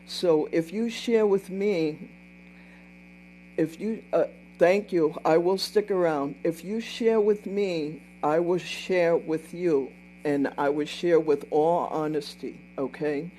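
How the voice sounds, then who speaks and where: With slight background noise, an older livestream host tells a story in her lowish, dark voice, speaking slowly. She chats casually, repeats herself, and keeps interrupting to respond to and thank her viewers.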